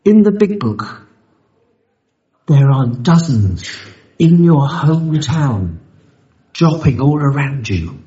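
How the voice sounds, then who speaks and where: A man's voice: on the high side, very animated, slow pace, long pauses, warm tone. A man tells a story with a lot of movement in his voice. He is blunt, he swears, and he jokes as he talks. The live recording sounds a little dull and lo-fi. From London, UK. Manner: swearing, blunt and joking, acts out the voices of others. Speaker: recovery meeting speaker. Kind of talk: personal storytelling share. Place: convention hall.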